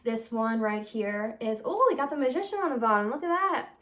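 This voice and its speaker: A woman's voice: fairly high pitch, expressive, brisk, fairly bright tone. Chatty, rambling young woman vlogger. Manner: rambling and chatty, with frequent fillers and giggles; earnest and confessional. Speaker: tarot reader and channel host. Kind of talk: casual vlog chat.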